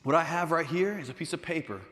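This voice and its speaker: A man's voice: a little high, fast talker, fairly bright tone, natural voice. A man playing an eager old hag leader. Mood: eager, insisting. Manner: eager insisting. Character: hopeful scrappy old hag woman, leader. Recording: long hall reverb.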